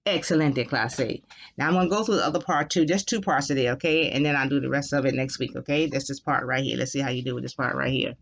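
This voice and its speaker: A woman teaching a Spanish class, patiently drilling phrases and repeating them slowly for her students. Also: extremely low pitch, gravelly, breathy edge. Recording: dull lo-fi sound.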